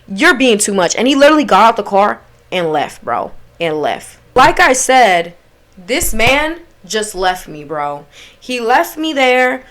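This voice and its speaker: A young adult woman telling a storytime to her viewers in a casual, animated and slangy way, often talking straight to the audience. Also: a little high, unhurried.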